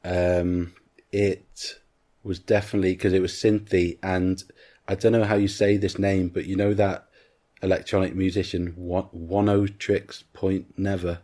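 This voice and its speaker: A man's voice: sits low, flat delivery, normal speed, warm tone. A man co-hosting a podcast in casual film chat, retelling scenes at length and quoting the characters' lines. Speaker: podcast co-host.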